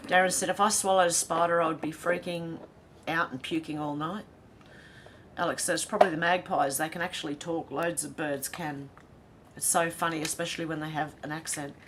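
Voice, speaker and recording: A woman's voice: low-pitched, fairly even intonation, brisk, background noise. A woman with an Australian accent hosting a casual livestream, reading viewer comments aloud and chatting with a laugh. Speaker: livestream host reading chat. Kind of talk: casual chat.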